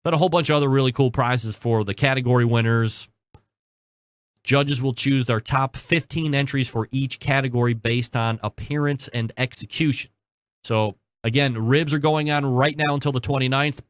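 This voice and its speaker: A man hosting his own podcast, telling a story in a chatty, joking way with quick asides, then reading a sponsor spot. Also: medium pitch, no echo, studio quality. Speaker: podcast host. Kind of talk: casual chat and sponsor read.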